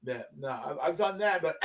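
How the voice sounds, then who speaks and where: A man chatting casually and telling stories, animated and profane, acting out what people said. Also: on the high side, a little slow. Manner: animated storyteller, swears a lot, acts out quotes loudly. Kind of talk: casual chat.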